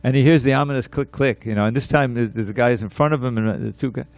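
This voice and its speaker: A man giving a scripture class, telling a story in an animated way, repeating words and restarting his sentences. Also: medium pitch, quick pace, no echo.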